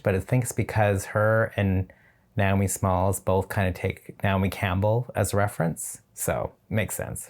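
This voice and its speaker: A man's voice: on the low side, darkish tone. A man reviewing a drag competition show in a casual, chatty reaction style, with opinionated and slightly shady asides.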